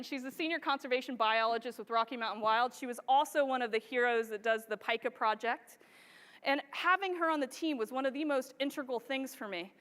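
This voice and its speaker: A woman photographer giving an excited, bubbly talk on a conference stage to a live audience, laughing often. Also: high voice. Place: large event stage before a live audience. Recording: long hall reverb.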